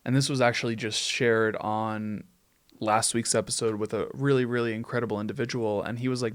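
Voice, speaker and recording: A man hosting a podcast, speaking in a reflective, affirming, measured way. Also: medium pitch, fairly even intonation, clean tone. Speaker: podcast host. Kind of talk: podcast conversation.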